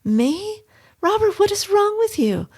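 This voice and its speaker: A woman's voice: big pitch swings, measured pace, darkish tone, heavily acted. A woman voicing a young wife in a horror story, bewildered and defensive, firing off indignant questions. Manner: high, exclaiming, indignant questions.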